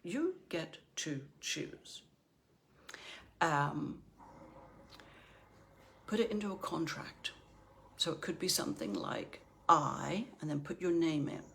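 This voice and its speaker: Chatty middle-aged woman with gravelly voice. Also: low-pitched, animated, slow pace, pauses often, fairly bright tone, slight background noise. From Northern Ireland. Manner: chatty, often asks "right?". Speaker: life coach. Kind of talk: motivational talk to camera.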